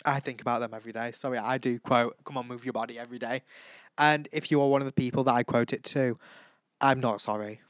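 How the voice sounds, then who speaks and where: A man's voice: medium pitch, fairly even intonation, quick pace, no echo. A teenage young man hosting a casual chat, gushing and camp, who keeps breaking into impressions. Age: teens. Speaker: vlog host.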